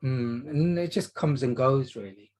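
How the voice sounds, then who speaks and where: A man playing a low, tearful young male patient in a role-play demonstration, speaking quietly and trailing off. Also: unhurried, close to an everyday voice. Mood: downcast.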